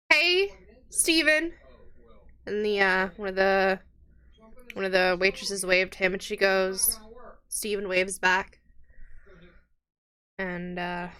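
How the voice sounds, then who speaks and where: A woman narrating as game master of a tabletop game, lively and quick to voice the townsfolk. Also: mid-range voice, clear, resonant tone.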